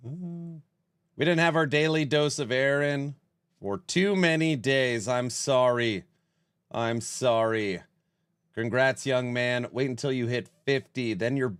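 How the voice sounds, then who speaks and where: A man's voice: medium pitch, clean tone, dry recording, studio quality. A man in his forties hosting a casual livestream and reading chat aloud. He sounds stuffed up and worn out and talks in a rambling, self-mocking way. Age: 40s. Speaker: streamer host.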